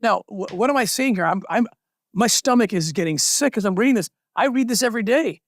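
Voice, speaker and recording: Man interview guest, high voice, fast and emphatic, dry sound. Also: lively intonation, no echo.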